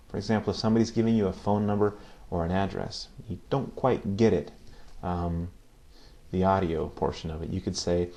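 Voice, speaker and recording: A man's voice: lowish voice, normal speed, warm tone. A man teaching a casual video lesson on Spanish phrases, patiently repeating each phrase and checking in with "okay?".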